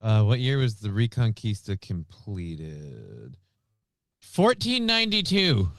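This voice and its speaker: A man's voice: on the low side, wildly swooping pitch, takes it slowly, gravelly, a bit bright, no echo. A man co-hosting a morning livestream show, dropping dry joking asides. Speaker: co-host. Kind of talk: casual show banter.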